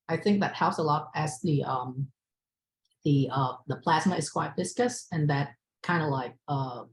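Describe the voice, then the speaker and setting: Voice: medium pitch, low-quality recording. An audience member asking a long, hesitant question with many fillers and repeated words.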